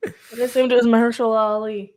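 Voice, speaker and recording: A woman's voice: on the high side, little pitch movement, quick pace, a little mellow. A woman co-hosting a casual chat, offhand and distracted while she plays a video game. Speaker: co-host.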